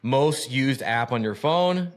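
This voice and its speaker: A man's voice: mid-range voice, lively intonation. Man, podcast host, casual, profane, enthusiastic. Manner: profane, hyped, rapid-fire questions. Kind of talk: casual podcast interview and outro.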